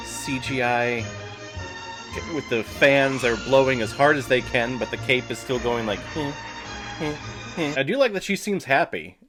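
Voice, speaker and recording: A man's voice: medium pitch, a bit bright. A man hosting a comedic movie watch-along, making irreverent jokes and swearing. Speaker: host.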